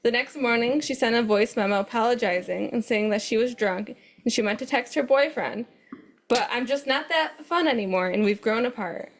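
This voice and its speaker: A woman co-hosting a podcast, reading forum posts aloud with an animated, laughing manner. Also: a little high, moderate pace. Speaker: co-host.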